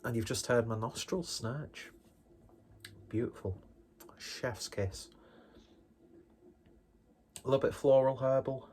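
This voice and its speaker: A man's voice: medium pitch, steady tone, slow, long pauses, a little mellow, a little hiss or hum. A man casually reviewing a beer on his vlog in a rambling, jokey, self-deprecating way.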